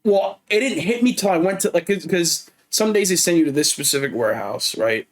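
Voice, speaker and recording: A man co-hosting a podcast, telling stories in casual chat, animated and swearing often. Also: high-pitched, brisk. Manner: animated, swears often, tells stories with lots of quoted back-and-forth. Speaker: podcast co-host.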